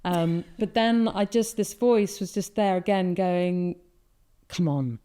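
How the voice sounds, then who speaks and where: A woman's voice: mid-range voice, fairly even intonation, unhurried, mellow, clear, resonant tone. A woman hosting a podcast, telling a personal story in casual conversation and acting out her own thoughts as she goes. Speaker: podcast host.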